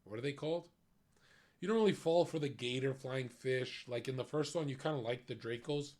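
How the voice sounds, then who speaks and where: A man's voice: medium pitch, fairly quick, darkish tone. A young man streaming, talking in a blunt, profane, ranting way about a film. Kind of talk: casual chat.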